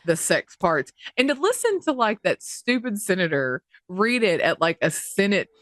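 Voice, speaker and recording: A woman's voice: medium pitch, sing-song, moderate pace, fairly bright tone, no room sound, clean studio sound. A woman co-hosting a podcast, talking in casual chat with an incredulous, exasperated manner and casual swearing. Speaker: podcast co-host.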